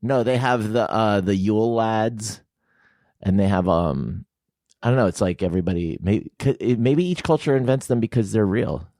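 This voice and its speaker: A man's voice: lowish voice, moderate pace, a little mellow, no echo. A man co-hosting a podcast in a studio, chatting casually, joking and laughing often. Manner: jokey, rambling, laughs often. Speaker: podcast co-host. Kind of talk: casual chat.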